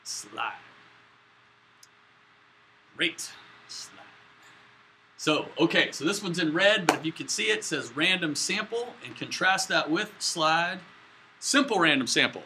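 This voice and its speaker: At a whiteboard, a man lectures a statistics class in a casual, chatty way, tossing in jokey asides. His voice is on the high side, bright and forceful, with lively intonation at normal speed. A camera in the room records him, moving away as he goes to the board, and the rough audio carries a little hiss or hum.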